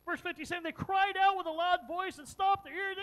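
High-pitched emphatic preacher. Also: fairly even intonation, brisk, poor audio. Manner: emphatic, dramatic retelling with repeated phrases; swings from loud preaching to quiet earnest questions. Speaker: pastor. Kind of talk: sermon.

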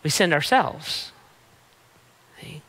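A middle-aged man, a pastor, preaching an emphatic sermon with rapid-fire repeated refrains. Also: fairly high pitch, lively intonation, a bit bright.

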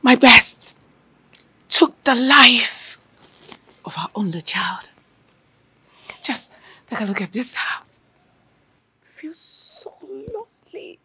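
An actress with a Nigerian accent playing a grief-stricken mother of a missing daughter, speaking in a tearful, halting, whispery way. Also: high voice, lively intonation, darkish tone, rough recording. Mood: despairing. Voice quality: breathy, whispery. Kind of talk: film drama acting.

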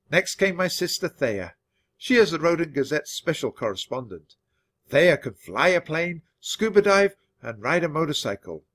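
A man reading a children's book aloud for English learners, with expressive, animated storytelling. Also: fairly high pitch, slightly rough. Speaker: storybook reader.

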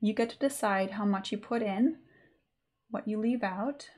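A woman's voice: medium pitch, measured pace, a little mellow. A woman teaching a live online sketching lesson in a chatty, informal way with many fillers. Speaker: art teacher.

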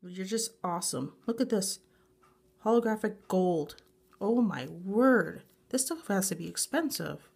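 A woman's voice: mid-range voice, expressive, measured pace, vocal fry, darkish tone, husky. A woman vlogging as she unboxes a grab bag of nail supplies, gushing with breathless exclamations and repeating herself. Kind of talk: unboxing a grab bag, excited casual chat.

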